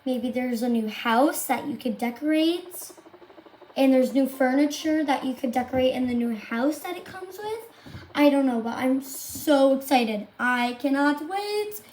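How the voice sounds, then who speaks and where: Woman game streamer, high-pitched, gushing and slow-paced, excitable chatter to viewers. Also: a little hiss or hum. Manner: gushing, excitable, squeals and exclaims often. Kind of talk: live gameplay commentary to viewers.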